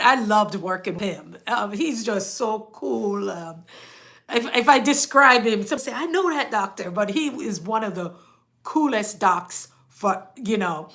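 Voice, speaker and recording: Bright-voiced Jamaican woman telling stories. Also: mid-range voice. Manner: chatty, laughs often, quotes people. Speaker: nurse and channel host. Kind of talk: casual storytelling monologue.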